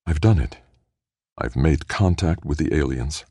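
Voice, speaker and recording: A man voicing an earnest, soft-spoken astronaut in an audiobook. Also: rumbling low, animated, a little slow, slightly rough, dry recording, clean studio sound, heavily acted. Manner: earnest, hushed. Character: man, an astronaut making first contact with aliens. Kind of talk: audiobook character voice.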